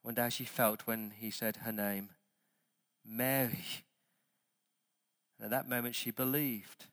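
A man pastor preaching a sermon, stressing words loudly and then dropping to quiet asides. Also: medium pitch, fairly even intonation, moderate pace. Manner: emphatic preaching, swings between loud stresses and quiet asides.

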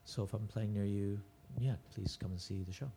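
A man's voice: on the low side, fairly even intonation, a little fast, dark tone, slightly rough. A middle-aged man, a touring stand-up comedian, chatting casually as a podcast guest and rambling with restarts and self-corrections.

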